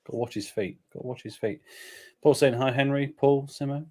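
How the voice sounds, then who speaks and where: A man's voice: mid-range voice, fairly even intonation, brisk, darkish tone. Rambling joking man reading out comments. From England. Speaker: live stream co-host. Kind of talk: casual chat reading viewer comments.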